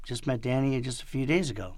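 A man's voice: mid-range voice, fast talker, darkish tone, no echo. A man from upstate New York hosting a casual comedy podcast, loose and playful, laughing often and trailing off with fillers. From Rochester, New York. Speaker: podcast host.

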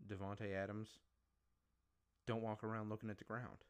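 A man's voice: lowish voice, little pitch movement, normal speed, smooth. A man hosting a solo podcast, ranting bluntly with heavy swearing as he gives his opinions. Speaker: podcast host.

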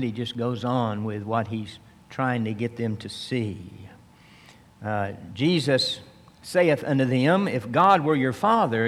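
A man preaching from the Bible, reading verses slowly and then explaining them in plain speech. He rises for emphasis and drops low and soft. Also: big-room sound. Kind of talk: expository Bible teaching.

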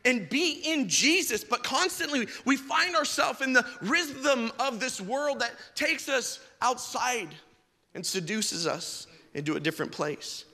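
Pastor, male, higher-pitched, jokey storytelling sermon, recorded in a big echoing hall. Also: animated, measured pace, bright, forceful tone. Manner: jokey, conversational preaching. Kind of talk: sermon with humorous stories.

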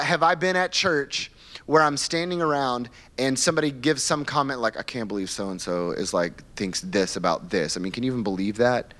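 Pastor, male, fairly high voice, conversational sermon with questions to the room and acted-out asides. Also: sharp tone. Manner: conversational, asks the congregation questions, acts out quoted people. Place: church sanctuary.

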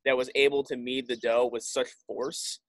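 A man's voice: mid-range voice, level tone, normal speed, dry recording. A man talking in a loose, rambling way as a podcast guest, often restarting his sentences. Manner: rambling, restarts with many likes. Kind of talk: casual chat.

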